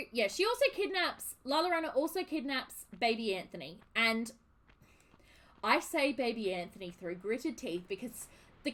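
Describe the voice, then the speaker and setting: A young woman streaming a game, chatting casually and swearing in an animated, exasperated way as she recaps. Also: high voice. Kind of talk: casual chat while live streaming a game.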